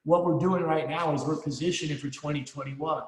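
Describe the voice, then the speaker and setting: At a sales meeting, a middle-aged man gives a rallying, punchy motivational talk in a fairly high voice, brisk and with fairly even intonation. He swears offhandedly and says things again for emphasis, all in an echoey hall with a long reverb tail.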